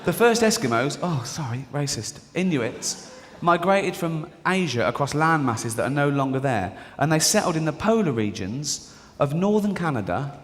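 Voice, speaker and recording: A middle-aged English man doing stand-up comedy, sardonic and mock-apologetic, breaking into shrill put-on voices. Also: big pitch swings, normal speed, hardly any pauses, a little hiss or hum. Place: large theater stage before an audience. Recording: live concert recording in a reverberant hall.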